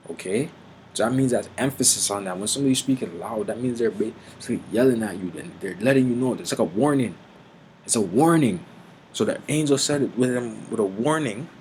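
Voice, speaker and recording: Male Bible teacher, slightly low pitch, casual and profane, slows right down for verses. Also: slight background noise, poor audio. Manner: street slang, profane, reads scripture slowly and deliberately.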